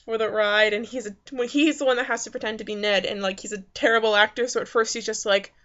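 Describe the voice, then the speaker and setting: A woman's voice: on the high side, steady tone, fast, a bit bright, lo-fi sound. A woman giving a casual spoken movie review, rambling with many fillers and restarts. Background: faint background noises.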